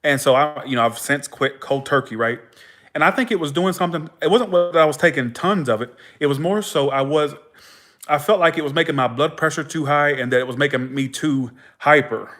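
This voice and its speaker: A man's voice: on the high side, a little fast, fairly bright tone. A young man with a slightly raised voice tells his stories loosely and animatedly. He swears freely and acts out everyone who talks in his tales as he goes. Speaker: tarot livestream host. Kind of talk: casual livestream storytelling.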